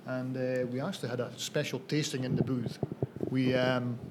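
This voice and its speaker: A man's voice: medium pitch, little pitch movement, normal speed, heavy background noise. Chatty Scottish man from the northeast. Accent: northeast Scottish, Banffshire. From Scotland. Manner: friendly, chatty, frequent uh and um. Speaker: master distiller, guest. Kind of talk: casual podcast chat.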